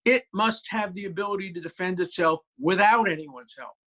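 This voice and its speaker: A man's voice: high voice, a little fast, bright, forceful tone. A male law professor speaking as a guest on a video call, emphatic and storytelling, with many hesitations.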